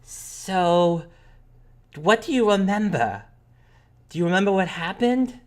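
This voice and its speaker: A man voicing a young girl who begs to play video games, in a high childish pleading voice. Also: lively intonation, takes it slowly. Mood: curious. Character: little girl, cheerful pushy gamer sister.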